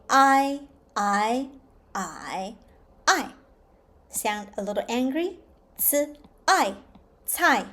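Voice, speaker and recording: A woman teaching a slow, patient language lesson, repeating each sound clearly for learners. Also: on the high side. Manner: drawn-out, repeated model pronunciations. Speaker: Chinese teacher.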